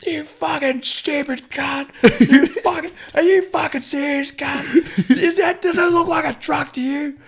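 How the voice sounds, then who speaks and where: A man with an Australian accent acting out an angry male truck driver yelling and swearing. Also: very high-pitched, a little slow, hardly any pauses, voice pushed up. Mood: outraged.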